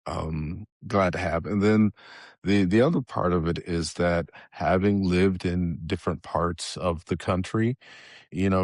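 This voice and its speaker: A man's voice: deep voice, dry recording, clean studio sound. A middle-aged man with a Southern US accent, talking casually as a podcast guest, hesitant with many restarts. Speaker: podcast guest, software engineer. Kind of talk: casual interview chat.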